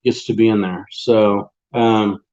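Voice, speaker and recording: A man's voice: lowish voice, fairly even intonation, slow, a little mellow. A man co-hosting a casual late-night chat show, rambling and laughing often. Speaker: podcast co-host. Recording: lo-fi dull sound.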